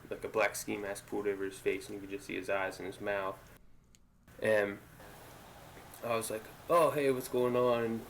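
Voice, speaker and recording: A young man co-hosting a podcast, telling a story in a laid-back, halting way. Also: on the low side, vocal fry, a little hiss or hum, low-quality recording. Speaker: podcast co-host. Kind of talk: casual storytelling.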